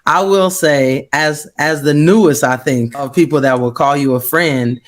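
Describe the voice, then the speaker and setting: A woman from California, animated and talkative, giving a heartfelt tribute to a friend on a podcast. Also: low-pitched, unhurried. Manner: animated, self-described extrovert. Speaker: guest friend.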